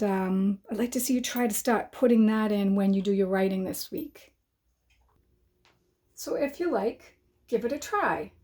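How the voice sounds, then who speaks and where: A woman teacher giving a writing lesson to young children, talking slowly and clearly and sounding out each word as she writes. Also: fairly high pitch, dark tone. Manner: slow, clear dictation for young learners.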